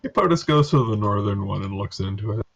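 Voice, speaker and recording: A man playing a tabletop game, describing his character's moves with lively delivery. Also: on the low side, fast, vocal fry, dull audio. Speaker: player. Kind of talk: casual tabletop play.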